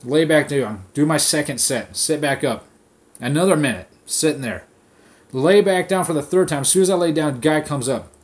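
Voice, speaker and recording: A man hosting a podcast, ranting in a casual, profane style and telling an animated story, recorded on his phone. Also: on the high side, normal speed. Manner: swears constantly, animated storytelling. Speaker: podcast host.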